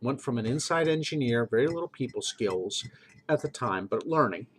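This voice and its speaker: A man's voice: mid-range voice, animated, moderate pace, a bit bright, slight background noise, rough recording. A middle-aged man and game master, talking earnestly in a preachy monologue and repeating phrases for emphasis.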